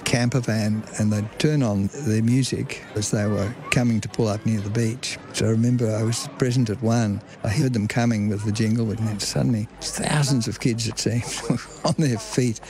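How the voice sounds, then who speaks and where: A man's voice: on the low side, fairly even intonation, moderate pace, a crowd in the background. An older man telling the story of a public health campaign in a chatty way, laughing now and then. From Australia. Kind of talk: recalled storytelling in a radio documentary.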